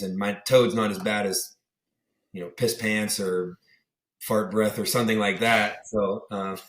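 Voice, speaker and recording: A man's voice: lowish voice, a bit bright, reverberant. Rambling young man telling stories. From Pittsburgh area, USA. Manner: rambling storyteller, acts out quoted voices, many fillers. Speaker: podcast guest. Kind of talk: casual interview chat.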